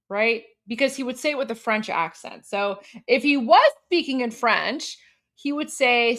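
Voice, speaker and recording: A woman hosting a reaction stream, eating while she mockingly comments on a clip and switches between English and halting French. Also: high voice. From Canada. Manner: mocking, scornful and animated. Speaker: host.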